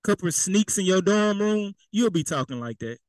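A man's voice: sits high, animated, moderate pace, dry recording, rough recording. Man preaching a casual sermon. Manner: conversational, repeats words, folksy slang.

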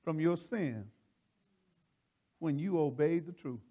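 A man preaching in a folksy, excitable way, often laughing and repeating phrases as he teaches. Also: a little high, slow, lo-fi sound. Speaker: preacher leading a Bible study. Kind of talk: animated sermon teaching.

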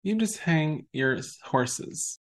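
A man co-hosting a podcast in casual chat, excitable and quick to laugh. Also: fairly high pitch. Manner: excitable, laughs often, quotes scenes in funny voices. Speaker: podcast co-host.

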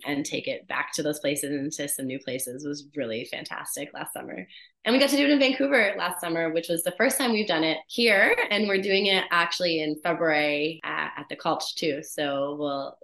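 Low-voiced woman, chatty actor, echoey room. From Canada. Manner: animated storyteller, laughs often, many restarts. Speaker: guest, actor. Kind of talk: casual interview chat.

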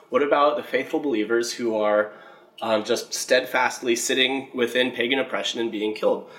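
Man, Bible teacher, casual explainer, middle pitch, conversational. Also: steady tone, brisk, sharp tone, rough recording. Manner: conversational, asks "right?" often, reads scripture aloud.

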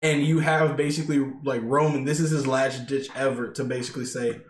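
A man's voice: medium pitch, level tone, fairly quick, few pauses. A man co-hosting a podcast, retelling events in a rambling way, stuffed with "like" and "basically". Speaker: podcast co-host. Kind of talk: casual chat. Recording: echoey room with faint noise.

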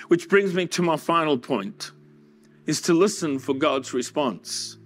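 Earnest male pastor preaching, soft music behind. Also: on the high side, expressive, measured pace. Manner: earnest, conversational preaching with dramatized asides. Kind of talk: sermon.

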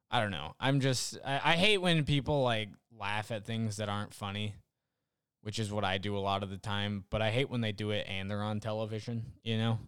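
A man's voice: on the low side, fairly bright tone, smooth, dry recording, studio quality. A young man ranting casually and sarcastically as a podcast host, rambling and swearing. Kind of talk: casual rant.

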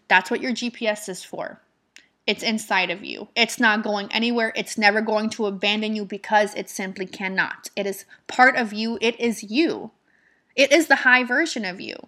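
Casting: woman motivational coach, higher voice, bright and punchy, blunt and repetitive. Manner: emphatic, repetitive, swears casually. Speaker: manifestation mentor. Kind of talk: motivational monologue.

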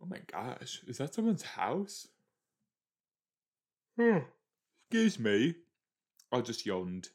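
A man's voice: medium pitch, wildly swooping pitch, slow pace, pauses often, a little mellow. A man in his early twenties chatting casually as he reacts to a TV episode, exasperated and talking back at the screen. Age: early 20s. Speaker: show reaction host.

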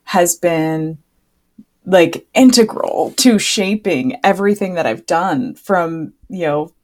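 Reflective young woman guest, low voice. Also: slow pace. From United States. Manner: relaxed, reflective, with many fillers. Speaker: podcast guest, medical student. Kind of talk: casual conversation.

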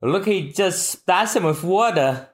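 Slow, lively co-host narrating a comic. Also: medium pitch. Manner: slow, reacting and narrating scenes. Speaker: podcast co-host. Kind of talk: casual chat reading manga aloud.

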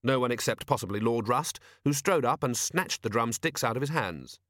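A male audiobook narrator with a mid-range voice, reading in a measured, dry storytelling manner. The recording is close and completely dead, with no room sound. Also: mid-range voice, lively intonation, a bit bright, dry recording. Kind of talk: scripted narration.

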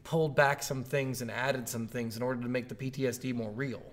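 A man's voice: medium pitch, fairly even intonation, fairly quick. A man in casual chat about a video game, rambling and swearing often, acting out quotes as he goes. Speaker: co-host discussing a video game.

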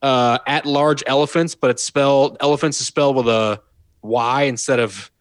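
A man's voice: medium pitch, fairly even intonation, moderate pace, clear, resonant tone, dry recording. Man, podcast host, casual chat, amused, dry mic. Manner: laughing, amused storytelling.

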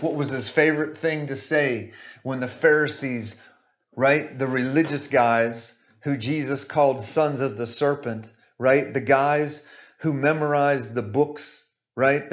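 A male preacher giving an emphatic sermon, repeating his points and often asking "right?". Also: medium pitch.

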